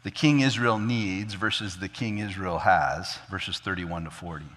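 A man preaching a sermon, animated, acting out the characters' lines with big jumps in pitch. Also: a little slow. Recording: long hall reverb.

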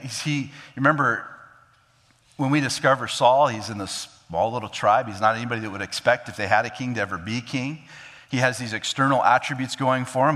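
Earnest male pastor, bright voice, hall reverb. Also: medium pitch. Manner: earnest, acts out scripture scenes. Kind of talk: sermon.

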